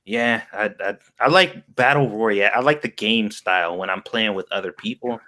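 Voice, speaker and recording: Low-voiced crude co-host, laughing easily. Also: male voice, normal speed, sharp tone. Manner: crude, laughs at his own jokes. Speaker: co-host streamer. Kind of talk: casual livestream chat.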